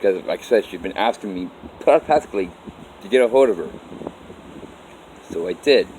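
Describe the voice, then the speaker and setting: Low-voiced man rambling through his life story. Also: expressive, a little mellow, slight background noise, rough recording. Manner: rambling, halting, with restarts and "I'm like" quotes. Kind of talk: casual first-person life story.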